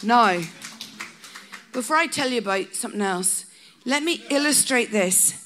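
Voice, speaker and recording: A woman's voice: a little high, expressive, measured pace, slight background noise. A middle-aged woman preaching a sermon, mixing humorous asides with passionate, rising exhortation. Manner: humorous asides that build to a passionate shouted climax.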